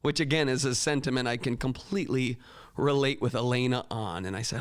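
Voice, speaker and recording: A teacher with a medium-pitched, brisk voice speaks earnestly to fellow teachers. He shares classroom stories, acting out quoted dialogue in a raised voice.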